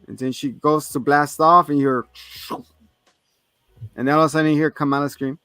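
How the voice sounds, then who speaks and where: A man's voice: a little high, fairly even intonation, a little fast, pushed and bright, clear, resonant tone, no echo, clean studio sound. A man co-hosting a casual movie review, retelling scenes with quoted lines and frequent laughs. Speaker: co-host.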